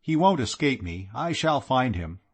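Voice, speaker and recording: A man's voice: medium pitch, moderate pace. A man doing a confident detective. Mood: assured. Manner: calm and assured. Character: cool, confident male detective.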